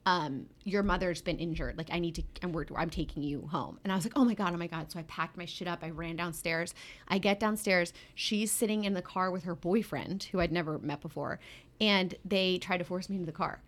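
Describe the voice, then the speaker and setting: A woman's voice: fairly low pitch, fairly quick. A young woman co-hosting a podcast, telling a story in casual chat and laughing often. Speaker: podcast co-host.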